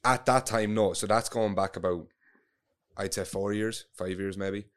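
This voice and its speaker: A man's voice: fairly low pitch, steady tone, a little slow, clear, resonant tone. An Irish man telling a long story in casual chat, rambling, swearing freely and restarting his sentences.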